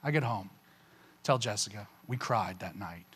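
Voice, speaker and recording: A man telling a personal faith testimony to an audience, in a casual, conversational way with lots of "you know" and "man", getting animated at the emotional peaks. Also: normal speed, breathy edge. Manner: animated, rising sharply in pitch on emotional punchlines. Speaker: speaker giving a personal testimony.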